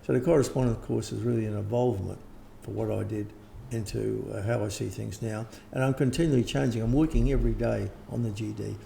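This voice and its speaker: Older man, gravelly, dark tone, rambling interview talk, faint background hiss. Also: lowish voice, fairly even intonation, brisk, hardly any pauses. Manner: rambling, frequent restarts and throat clearing. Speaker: interviewed teacher. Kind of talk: casual conversation.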